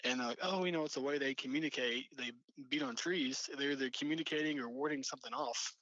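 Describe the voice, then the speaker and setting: A man's voice: mid-range voice, quick pace, pushed and bright, no room sound, highs cut off. A young man telling a story casually, rambling with lots of fillers and restarts. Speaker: storyteller recounting an encounter.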